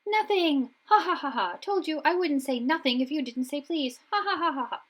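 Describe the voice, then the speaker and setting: A shrill, cackling poltergeist, as a woman puts him on for a storybook reading, taunting in a high, mocking sing-song. His voice leaps up sharply and bounces with glee. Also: lively intonation, moderate pace. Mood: gleeful taunting.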